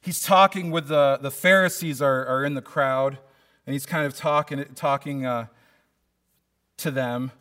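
Bright-voiced male preacher. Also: mid-range voice, steady tone, measured pace, clean tone. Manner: earnest, conversational preaching with frequent restarts. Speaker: pastor. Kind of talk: sermon.

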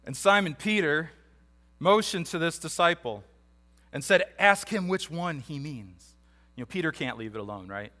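Speaking at a normal speed in a voice on the high side, this pastor delivers an easygoing sermon on a Bible passage. He acts out the disciples' voices with animation and often restarts his sentences.

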